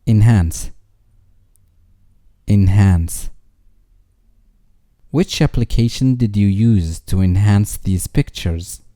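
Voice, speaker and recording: Guy reading english vocab really slow, each word twice then a sentence, very dark mellow voice. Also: on the low side, no room sound, clean studio sound.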